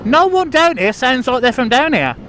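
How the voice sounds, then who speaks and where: A man's voice: very high-pitched, very animated, normal speed, fairly bright tone, a little hiss or hum. A man vlogging while out riding a bike on country lanes, chatting in a rambling, self-deprecating way with lots of restarts and fillers. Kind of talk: casual rambling monologue.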